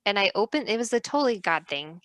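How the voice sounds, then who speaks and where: A woman in her thirties co-hosting a casual faith podcast, telling a story with lively acted-out quotes and laughter. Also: mid-range voice, quick pace, no room sound. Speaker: podcast co-host.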